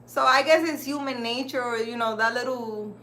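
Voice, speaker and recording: A woman's voice: fairly high pitch, normal speed, pushed and bright, a little hiss or hum. A woman hosting a casual livestream, rambling and chatty as she talks straight to her viewers. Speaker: livestream host.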